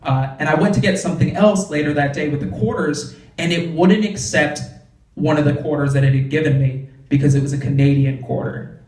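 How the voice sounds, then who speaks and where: A young man's stand-up set at a comedy club is chatty and fairly quick, with frequent "like" fillers leading into punchy punchlines. His slightly high, somewhat mellow voice keeps fairly even intonation, and the sound echoes around the room, a little off-mic.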